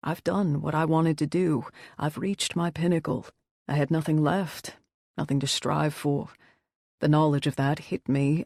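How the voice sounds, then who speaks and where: A woman voicing a troubled male rockstar who speaks softly in a subdued, confessional tone, in an audiobook. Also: vocal fry, no room sound, studio quality, full character voice. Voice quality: soft, low and subdued. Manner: quiet, confessional. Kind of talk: audiobook character voice.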